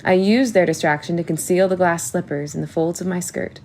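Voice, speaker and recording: Gravelly woman reading an audiobook. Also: on the low side, fairly even intonation, fairly quick, darkish tone. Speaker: audiobook reader. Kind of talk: first-person audiobook narration.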